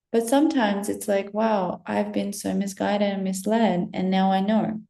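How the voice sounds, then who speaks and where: Woman coach doing a pep talk, mellow gravelly voice, kinda echoey, swears a bit. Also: medium pitch, fairly even intonation. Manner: encouraging, asks rapid rhetorical questions; casual, swears now and then. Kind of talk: motivational pep talk to camera.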